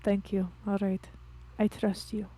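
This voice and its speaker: A woman player in a live-streamed tabletop game, animated and joking, swearing freely. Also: medium pitch, a little slow.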